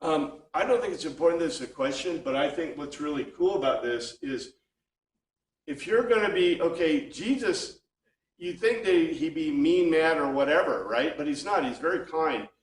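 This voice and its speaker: A man's voice: fairly high pitch, expressive, moderate pace, a little hiss or hum. Man teaching a Bible class in an echoey room. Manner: thinking aloud, with many restarts. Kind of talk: informal Bible class lecture. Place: classroom with a small group. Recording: echoey room, speaker far from mic.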